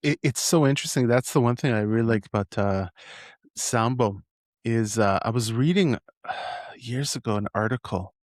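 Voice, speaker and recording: With a medium-pitched voice at a moderate pace, this Edmonton man hosts a casual podcast interview in studio quality, free of echo. He's enthusiastic and rambling, often restarting his sentences.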